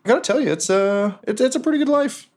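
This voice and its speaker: A man's voice: very high-pitched, expressive, fast, darkish tone, voice pushed up. A man voicing a cheerful male ghost sailor who chats happily about his afterlife at sea. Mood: content. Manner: chatty, upbeat, folksy.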